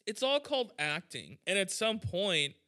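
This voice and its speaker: A man's voice: high voice, sing-song, a little slow, sharp tone. A young man hosting a podcast, ranting irreverently in casual chat, full of "like" and "dude". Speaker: podcast host, musician.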